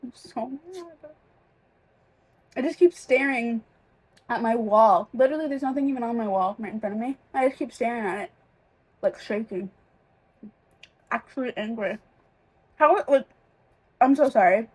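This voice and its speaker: A woman's voice: a little high, moderate pace, pauses often, breathy edge. A young woman chatting casually in a reading vlog, emotional and rambling, with many fillers and restarts. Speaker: reading vlogger.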